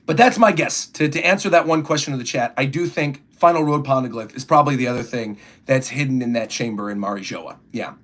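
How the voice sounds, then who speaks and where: A man's voice: medium pitch, fairly quick, hardly any pauses, fairly bright tone. A young man chatting casually on a livestream, rambling through his thoughts and reading viewer comments aloud. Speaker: streamer reacting to a comic chapter.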